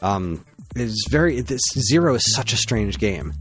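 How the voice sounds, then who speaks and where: A man co-hosting a loose gaming podcast, his voice rising and falling expressively as he gives strong opinions. He talks casually and swears without a second thought, and faint music sits low in the background. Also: very animated, measured pace. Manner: enthusiastic and opinionated, swears freely. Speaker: podcast co-host.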